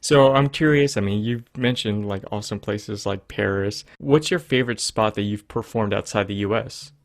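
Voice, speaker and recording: A man hosting a podcast interview, asking relaxed, curious questions in a casual chat. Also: on the low side, moderate pace, creaky.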